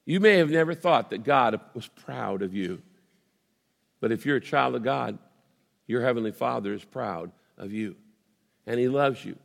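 A man preaching a sermon as a pastor, telling a vivid story with swings between lively and soft intimate tones. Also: medium pitch, normal speed, vocal fry, pauses often, in a large hall.

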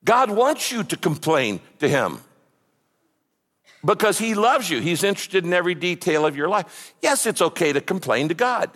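Male pastor, sermon, lively rising and falling pitch, somewhat high voice, echoey hall. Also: moderate pace. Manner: passionate, emphatic repetition.

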